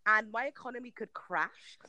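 A British woman in her thirties, a podcast guest, chatting in an animated, laughing way with salty banter. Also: fairly high pitch, moderate pace, a loud crowd. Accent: British English. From Britain. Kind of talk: casual podcast chat.

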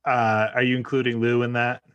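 A podcast host with a medium-pitched, flat and smooth voice talks briskly on a recording with no echo and the highs cut off. He hosts his own show, then chats casually as a guest on another, upbeat and quick to laugh.

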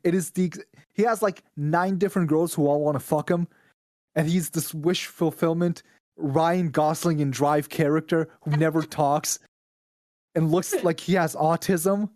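A man's voice: a little high, fairly even intonation, moderate pace, darkish tone, dry recording, studio quality. A man from Israel, a podcast guest, ranting bluntly and profanely in casual chat.

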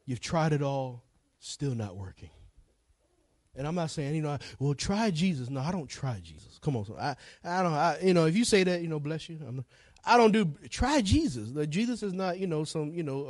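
A middle-aged preacher with a fairly high voice delivers a sermon, telling a story and swinging from quiet, low passages to loud, shouted peaks. The recording is close and dry, with no room sound. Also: male voice, no echo. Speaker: evangelist preacher.

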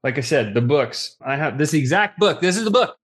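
A middle-aged man, a podcast guest, telling stories in a casual, animated way and acting out the quotes. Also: fairly high pitch, fairly quick, husky. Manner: animated, acts out quotes with swearing. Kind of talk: casual storytelling.

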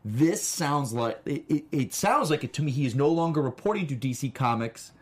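A man's voice: medium pitch, animated, moderate pace, slightly rough. A man co-hosting a casual podcast, rambling through his points with frequent restarts. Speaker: podcast co-host. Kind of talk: casual chat.

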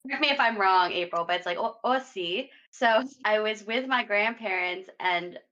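Young woman, bright clear tone, lively storyteller, slightly dull recording, casual chat. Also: mid-range voice, normal speed. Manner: animated storyteller, laughs often.

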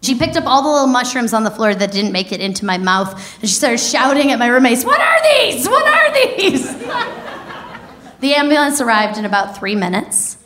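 A woman in her thirties telling a wild personal story on stage, lively and laughing as she goes. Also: on the high side, quick pace, hardly any pauses. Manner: lively, animated, breaks into laughter. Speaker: comedic storyteller. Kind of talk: stand-up storytelling.

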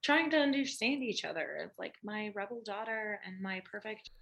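A young woman co-hosting a casual film review chat, animated and laughing. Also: mid-range voice, moderate pace, lo-fi sound. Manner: animated, laughing, heavy with fillers. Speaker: podcast co-host.

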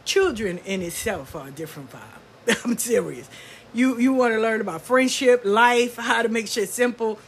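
A husky older woman talks casually about her grandkids, blunt and a bit profane. She laughs a lot as she goes, and her voice sits a little high for a woman. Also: moderate pace. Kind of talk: casual storytelling.

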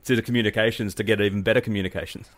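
Low-voiced man, quick. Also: fairly even intonation. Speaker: co-host. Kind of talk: casual chat.

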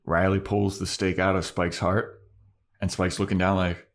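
A man's voice: low voice, little pitch movement, moderate pace. A man co-hosting a podcast, loosely retelling an episode with lots of swearing and filler words. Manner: loose storytelling with frequent swearing and "like". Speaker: podcast co-host. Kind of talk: casual episode recap chat.

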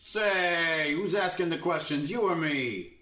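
An actor playing a blustering, self-important small-town constable who is slow to catch on. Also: male voice, on the high side, sharp tone. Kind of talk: 1930s screwball film acting. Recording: roomy old film soundtrack.

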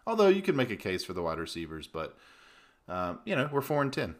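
Male podcast co-host, low-pitched, relaxed and conversational. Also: fairly quick. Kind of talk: casual sports podcast chat.

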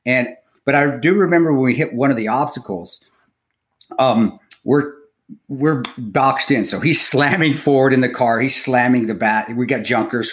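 Man telling a story with lots of swearing. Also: medium pitch. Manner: animated storyteller, swears freely, frequent restarts. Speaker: podcast host. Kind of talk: casual podcast storytelling.

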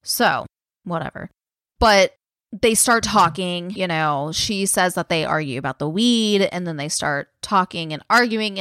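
Co-hosting a podcast, a woman casually retells a true-crime case, chatty, filler-heavy and swearing freely. Her fairly low voice sounds pushed and bright, recorded dry with clean studio sound.

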